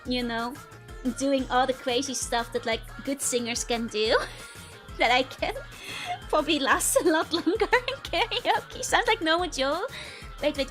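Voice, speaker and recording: A woman streamer chatting casually with her viewers in a squeaky, hamster-like voice, giggling often. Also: a bit bright. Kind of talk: casual live-stream chat.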